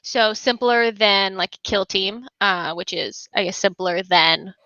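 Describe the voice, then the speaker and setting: A woman's voice: medium pitch, steady tone, takes it slowly, no room sound, lo-fi sound. A woman guest on a gaming podcast, chatting casually and laughing easily about board games. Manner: warm, laughs often, easygoing. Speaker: guest, gaming content creator. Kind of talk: casual interview chat.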